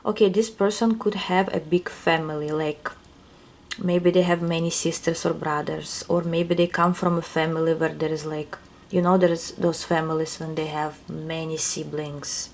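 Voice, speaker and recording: A woman's voice: low voice, flat delivery, normal speed. A woman with a non-native English accent gives a casual tarot reading, musing aloud and searching for words. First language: not English. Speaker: tarot reader.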